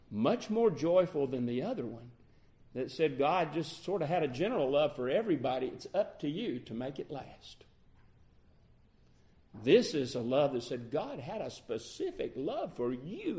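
A man preaching with a fairly high voice and an unhurried, deliberate pace. He swings from loud, high exclamations down to slow, soft passages, drawing out key words for emphasis. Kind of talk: sermon.

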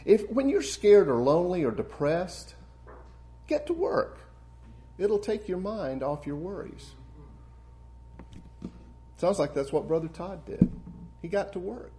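A man's voice: sits high, lively intonation, unhurried, long pauses, a little hiss or hum. Earnest male preacher with rising emphasis. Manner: earnest, rises to emphatic peaks then drops soft. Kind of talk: sermon.

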